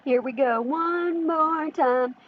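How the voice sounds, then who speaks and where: A woman's voice: sits high, slow, phone-quality sound. A woman hosting an opinion commentary vlog, chatty and teasing, often laughing. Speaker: host.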